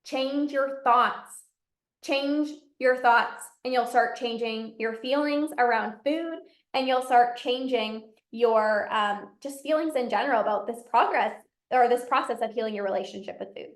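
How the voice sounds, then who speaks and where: A woman's voice: a little high, unhurried, roomy sound. A woman, a binge eating coach, giving an emphatic motivational talk to a live audience and repeating her key phrases.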